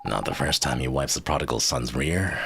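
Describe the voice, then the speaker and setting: A man voicing a stern male security police commissioner in a low, gravelly, clipped tone for a game read-through. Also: animated, brisk, background noise, exaggerated voice. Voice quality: low gravelly voice in a Solid Snake style.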